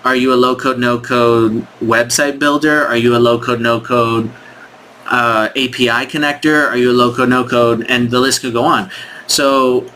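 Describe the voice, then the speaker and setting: A man's voice: mid-range voice, level tone, normal speed, sharp tone, slight background noise. A man coaching on sales in a casual screen-share walkthrough, thinking aloud with frequent restarts and frank critique. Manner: frank, critiques scripts directly.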